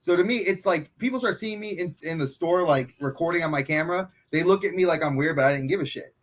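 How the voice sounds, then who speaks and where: A man from New York with a New York accent, hosting a casual podcast chat as a gregarious, animated storyteller. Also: on the high side, quick pace. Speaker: podcast host.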